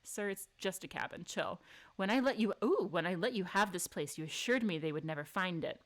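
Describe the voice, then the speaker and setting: Woman reading meek young woman, offhand, quiet lines. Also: fairly low pitch, lively intonation, brisk.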